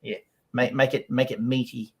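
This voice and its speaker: A man's voice: mid-range voice, level tone, normal speed, vocal fry, breathy edge. A man with an Australian accent, a guest chatting casually on a live stream, easygoing and chuckling often. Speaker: guest collector.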